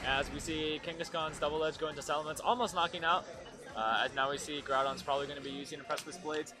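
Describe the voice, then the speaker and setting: Man, esports caster, casual play-by-play, slightly high voice, music playing in the background. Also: fairly even intonation, quick pace. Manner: casual, filler-heavy play-by-play. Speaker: esports commentator. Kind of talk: live game commentary. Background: music playing nearby.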